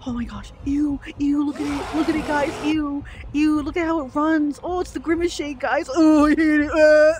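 A young woman livestreaming a horror game to chat, jumpy and excitable, laughing and gasping as she pleads with her friends. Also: high voice, moderate pace, few pauses. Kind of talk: live gameplay commentary to chat.

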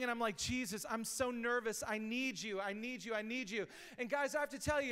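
High-voiced, bright pastor preaching in a hall. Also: male voice, clear, resonant tone. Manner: casual, conversational preaching that builds to shouted emphasis. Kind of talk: sermon. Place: church sanctuary, recorded live. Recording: live church hall reverb.

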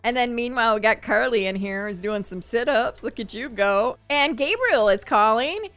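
A woman's voice: on the high side, animated, normal speed, hardly any pauses, a bit bright. A woman giving casual, chatty gameplay commentary as a channel host, upbeat and often laughing.

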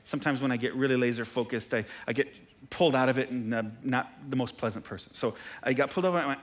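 A male pastor preaching a sermon, an animated storyteller who pokes fun at himself and keeps asking the room "right?". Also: medium pitch, quick pace. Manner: animated storyteller with self-deprecating asides, tags lines with "right?".

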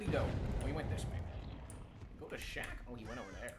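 A man giving playful, chatty gameplay commentary, teasing other players and squealing up high when he goofs around. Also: fast. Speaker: gaming streamer. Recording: roomy sound with audible background noise.

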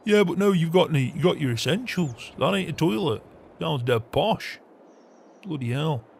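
A cheerful, foul-mouthed farm boss teasing his hand in a farming-game roleplay, as a man plays him. His voice sits high and swings widely as he jokes. There is a faint hiss behind him. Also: animated, moderate pace, vocal fry. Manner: swears constantly, blunt and teasing.

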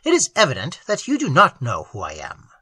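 A man's voice: a little high, huge pitch swings, fairly quick, sharp tone, slightly rough, no room sound, exaggerated voice. A man reading a story voices a huge, sly, jovial man in a hearty, commanding way.

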